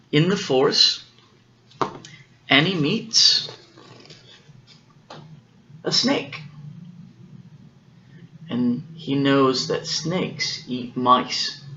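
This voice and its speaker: A father reading a picture book aloud to his daughters, unhurried, stopping to explain the story and correct himself. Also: mid-range voice, lively intonation, bright, forceful tone, dull audio, slight background noise.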